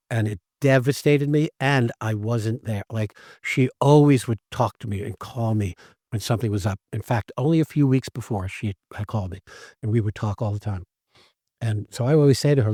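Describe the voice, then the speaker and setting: A podcast co-host who teaches acting tells stories in casual conversation, animatedly performing the lines he quotes. His voice is mid-range, captured as a dry recording with clean studio sound.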